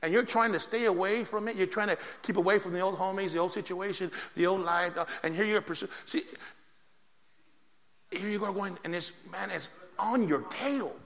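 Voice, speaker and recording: A man preaching a sermon, telling a story with lively, laughing energy. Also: high voice, moderate pace, creaky, big-room sound. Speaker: pastor.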